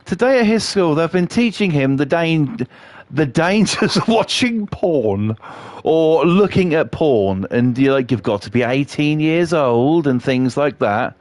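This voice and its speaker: A man's voice: a little high, animated, measured pace, darkish tone, no echo. A middle-aged man streaming live, chatting casually and telling rambling, sweary stories while he laughs at his own jokes. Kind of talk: casual storytelling while playing a game live.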